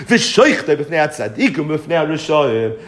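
A man teaching a Torah class, asking and answering his own questions and chanting quoted texts in a slow singsong. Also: on the high side, very animated, a bit bright.

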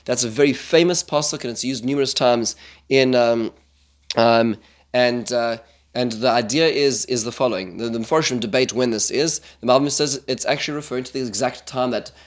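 A man teaching a casual Torah class, halting with many restarts and growing animated when he quotes the verses. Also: mid-range voice.

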